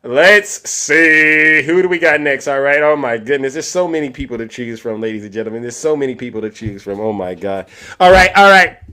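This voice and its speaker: A man hosting a live political call-in stream, talking in an animated way and saying "all right" over and over. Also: mid-range voice, brisk. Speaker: live call-in show host.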